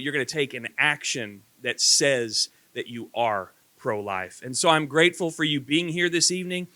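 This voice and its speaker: A man who is a pastor serving as master of ceremonies at a banquet, speaking in a lively, preacherly way. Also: fairly high pitch, no room sound. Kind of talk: emcee remarks at a banquet.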